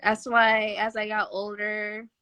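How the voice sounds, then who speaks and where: Speaking slowly and in a monotone, this guest game developer has a mid-range voice with a bright, forceful tone. She discusses the games she's making in a relaxed podcast chat over a live video call, laughing frequently. The sound is dry, captured by a phone or webcam mic on a live stream.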